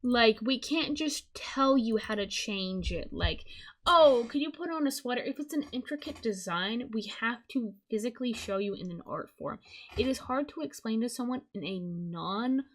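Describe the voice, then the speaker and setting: A woman's voice: on the high side, expressive, moderate pace. A young woman from the Southern United States giving live-streamed commentary, her voice strained from hours of talking, rambling and correcting herself as she goes. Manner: rambling, self-correcting, casual. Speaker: streamer commenting on online drama.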